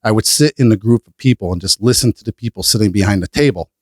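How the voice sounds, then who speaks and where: A man talking as a podcast guest, blunt and animated, swearing freely as he tells stories about his business. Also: lowish voice, quick pace, no echo, studio quality. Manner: blunt, profane, animated storytelling. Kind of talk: casual interview chat.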